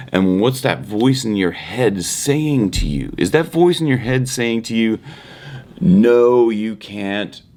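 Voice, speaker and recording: A middle-aged man teaching singing in a casual, conversational way, now and then demonstrating tones and moving about the room. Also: deep voice. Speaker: vocal mentor. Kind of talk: casual vocal lesson to camera.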